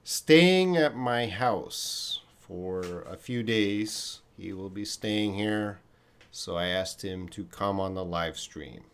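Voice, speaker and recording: A man's voice: on the low side, expressive, slow, slight background noise. A Canadian man hosting a casual English-learning live stream, reading viewer comments aloud. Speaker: host.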